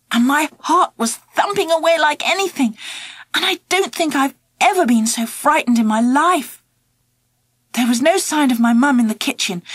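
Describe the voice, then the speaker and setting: A woman narrating a children's audiobook in the first person, expressive and animated. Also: sits high, slightly rough, no room sound. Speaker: audiobook reader.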